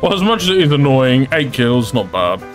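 A man giving chatty, excitable commentary over his own gameplay as a regular gaming creator, often laughing. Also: medium pitch, normal speed, soft background music. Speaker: gaming YouTuber.

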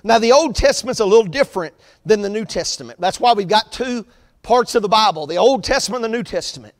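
A man preaching an earnest sermon as pastor of his church, repeating his points in a steady preaching cadence. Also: high-pitched, quick pace, in a large hall. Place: church sanctuary.

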